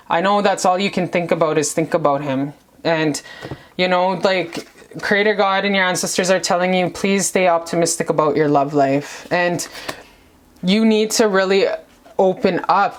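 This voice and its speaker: Gushing woman giving a tarot reading. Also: on the low side. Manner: gushing, rambling and affectionate, calling the viewer baby. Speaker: tarot reader. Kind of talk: casual tarot reading to camera. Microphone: camera mic.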